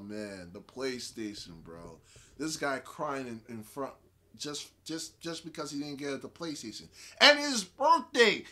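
Lively, bright-voiced man reviewing videos. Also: medium pitch. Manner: laughing, animated, repeats phrases. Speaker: reaction video host. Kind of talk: casual reaction commentary.

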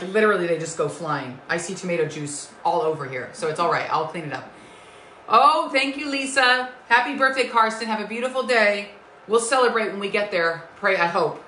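Hosting a home cooking live stream, this woman speaks fairly quickly in a lowish, fairly bright voice, with a little hiss or hum on the recording. Her echoey kitchen rings as she gushes over viewers, greeting them by name as sweetheart and lovies.

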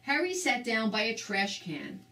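An older woman reading a children's book aloud with slow, expressive storytelling. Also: on the high side, slight background noise. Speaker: storybook reader. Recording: roomy, distant mic.

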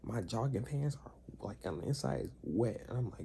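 A young male vlogger speaks fairly fast with vocal fry in a medium-pitched voice, with a little hiss or hum in the background. He casually tells a story to camera in heavy slang, animatedly acting out what others said.

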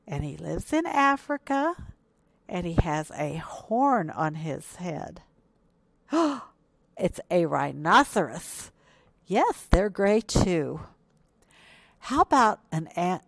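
A woman librarian reading a picture book aloud for a children's storytime, slow and gentle as she asks the children questions. Her voice sits a little low and comes across close and dry. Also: no echo. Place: indoors, recorded for video.

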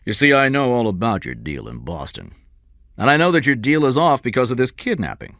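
A man's voice: medium pitch, sing-song, fairly quick, a bit bright, no room sound, studio quality, voice pushed up. A man reading aloud and voicing a smug, condescending middle-aged company boss.

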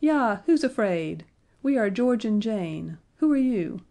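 A woman voicing a bold young boy in a storybook, loud and blustering. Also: medium pitch, expressive, moderate pace. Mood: defiant. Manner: loud and shouting.

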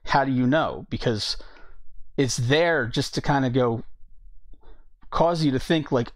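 A man's voice: mid-range voice, unhurried, long pauses. A man teaching a Bible study in a casual way, thinking aloud, reading verses and often restarting his sentences. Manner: thinking aloud, reads scripture, hesitant restarts.

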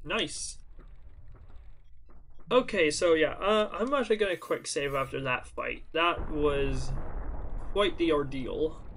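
A man narrating his gameplay in an unhurried, drawn-out way, his voice sitting a little high. He's chatty and playful, with lots of "um"s and restarts and mock taunts at the enemy. A faint hum sits under the recording. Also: fairly bright tone. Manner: chatty, with frequent fillers and restarts. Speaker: let's play host. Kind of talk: gameplay commentary.

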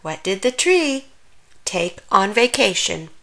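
A woman's voice: medium pitch, big pitch swings, slow, pushed and bright, exaggerated voice. A woman voicing an eager, curious little boy bear cub who exclaims a lot and tells riddles in a storybook. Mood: playful.

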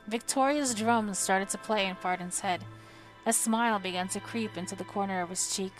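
A woman narrating a fantasy novel on a live stream in a measured, dramatic reading voice. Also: mid-range voice, faint music behind. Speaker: audiobook reader on a live stream. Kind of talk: audiobook narration. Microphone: home streaming microphone.

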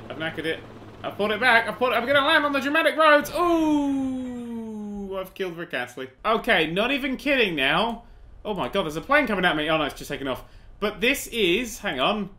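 A man giving excitable, sarcastic gameplay commentary, swearing freely as he flies. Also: high voice. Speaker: gaming video host.

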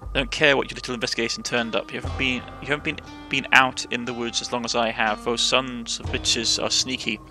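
A man reading a gruff old farmer. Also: medium pitch, level tone, a little fast, sharp tone, soft background music. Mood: stubborn. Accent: Cornish. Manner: gruff, scolding. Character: gruff old male farmer, grumpy and stubborn.

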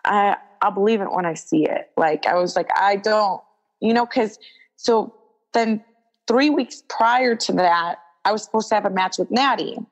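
Animated young woman telling a story. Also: mid-range voice, normal speed, low-quality recording. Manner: animated, acts out quoted dialogue, many "like" fillers. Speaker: guest, wrestler. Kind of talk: casual storytelling in an interview.

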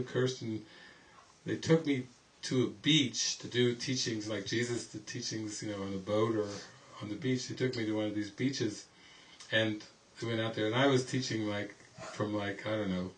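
A man's voice: lowish voice, fairly even intonation, moderate pace. A man teaching at a retreat, rambling through anecdotes and often laughing as he talks. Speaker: spiritual teacher. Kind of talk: informal retreat teaching with stories. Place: indoor retreat gathering. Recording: distant mic with faint background noise.

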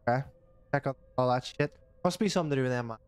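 A man's voice: mid-range voice, racing, clean tone. A man co-hosting a gaming video, trading crude jokes and laughing often as they play. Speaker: gaming channel co-host. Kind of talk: casual let's-play banter.

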